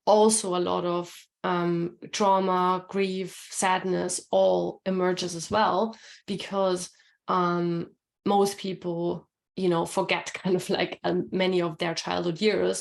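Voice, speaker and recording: A woman's voice: lowish voice, gravelly. A woman coaching on relationships in a casual, chatty webinar, with many fillers as she talks to her audience. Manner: casual and chatty, many fillers, reads chat comments aloud. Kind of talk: live webinar talk.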